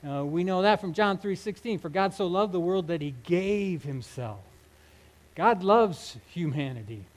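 A man's voice: sits high, animated, unhurried, low-quality recording. Earnest man preaching a sermon. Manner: earnest, emphatic, with frequent restarts and soft laughs. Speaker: pastor.

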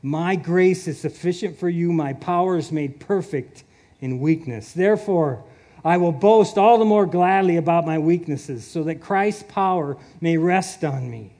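A man's voice: a little high, measured pace, warm tone. A man preaching a sermon in an earnest way, chuckling often and repeating his words.

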